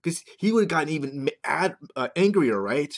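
A man's voice: a little high, expressive, moderate pace. A man in a casual talking-head monologue, rambling conversationally as a marketing vlogger. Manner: rambling, conversational, keeps checking in with "right?".

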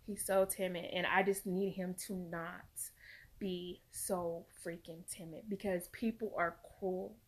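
A woman's voice: fairly low pitch, fairly even intonation, a little slow. Emphatic emotional mother talking to camera. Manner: earnest, emphatic, swings from loud to quiet; swears. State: near tears. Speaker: mother and vlogger. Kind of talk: emotional personal vlog talk.

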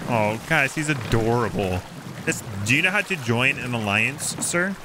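A man's voice: mid-range voice, animated, moderate pace. A man streaming a game, chatting casually and teasing the other players. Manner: playful, teasing. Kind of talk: casual gameplay chat. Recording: game stream with clear background noise.

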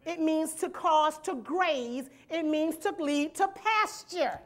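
A woman preaches in a church with a high, slightly bright voice, speaking slowly with few pauses. She reads scripture aloud verse by verse and explains it, using rhetorical questions and call-and-response, asking the congregation "amen?"

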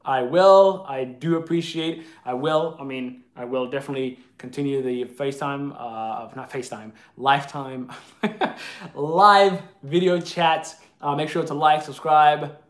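A man's voice: a little high, a little slow, reverberant. A man hosting a live video chat, answering viewer comments in an opinionated, argumentative way.

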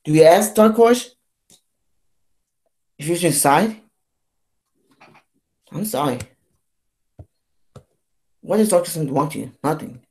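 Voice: mid-range voice, animated, slow, long pauses, darkish tone. A person in their twenties ranting on a vlog in a fed-up, rambling way, repeating themselves and stumbling through false starts. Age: 20s. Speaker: vlogger.

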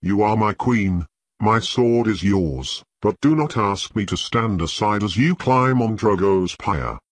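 A man voicing a loyal middle-aged knight, speaking earnestly in a low, husky voice. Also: lively intonation, a little slow, dry recording. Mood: pleading.

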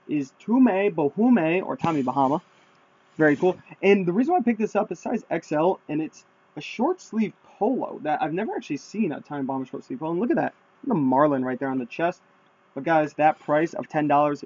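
A man casually showing off his thrift haul to viewers, chatty and excited, in a room at home. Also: on the high side. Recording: dull lo-fi sound.

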